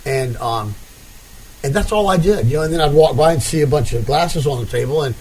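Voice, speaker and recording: A man's voice: a little high, animated, fairly quick, a little mellow, slightly rough, rough recording. A man interviewing a couple in casual conversation, rambling and restarting as he tells stories. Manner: rambling storyteller with many restarts.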